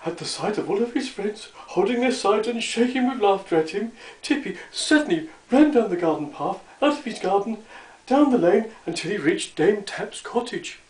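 A male storyteller reads a children's book aloud, with lots of expression. His pitch swoops up and down to carry the story along. The recording is echoey and roomy. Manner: expressive, animated reading.

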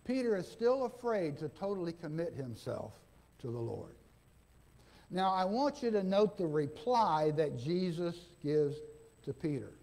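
A male pastor delivers a folksy sermon in a church, his voice sitting notably high for a man. He keeps checking in with the congregation and slips into the speakers he quotes to act out their lines. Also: big pitch swings, unhurried, vocal fry, dark tone. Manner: folksy, asks the congregation "okay?", acts out quoted dialogue. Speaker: interim pastor. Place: church sanctuary.

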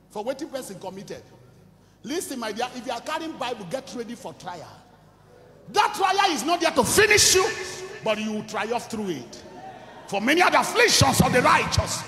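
A man with a Nigerian accent, an evangelist preaching a sermon and telling his own story, moving between shouting and quiet storytelling. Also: very high voice, echoey room, long reverb tail. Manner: shifts between shouting, storytelling and singing, mixing Pidgin and Igbo. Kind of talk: sermon with testimony and sung worship.

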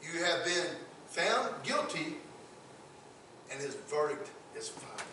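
A pastor with a fairly high voice delivers a sermon in a big church sanctuary, heard from some way off the mic. The room is very echoey, with faint noise underneath. He preaches emphatically and often repeats words as he works up to a point. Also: big pitch swings, slow pace, pushed and bright, distant mic.

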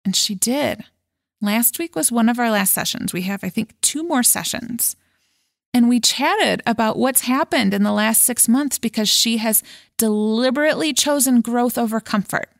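A woman's voice: normal speed, creaky, no echo, studio quality. A woman hosting a motivational podcast as a life coach, talking in a casual, frank way and acting out worried thoughts with big swings in voice. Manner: lively and dramatic, acting out worried thoughts with swings in pitch and pace; casual and frank, with a chuckle now and then.

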